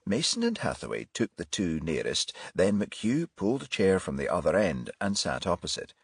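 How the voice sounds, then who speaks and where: A male audiobook narrator reading in a measured, steady way, his low voice slightly husky. Recorded close and dry, with no room around it. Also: dry recording. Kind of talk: scripted narration.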